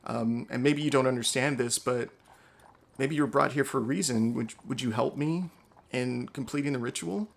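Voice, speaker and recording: A man voicing a calm, devout female lioness who questions a stranger and earnestly asks for help. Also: medium pitch, normal speed, creaky.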